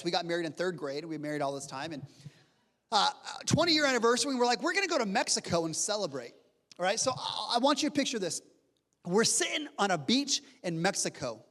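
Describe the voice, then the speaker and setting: A man in his forties preaching a sermon as pastor, telling a story with lively asides and frequent restarts. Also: sits high. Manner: animated storytelling with repeated restarts and playful asides. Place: church sanctuary. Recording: long reverb of a church hall.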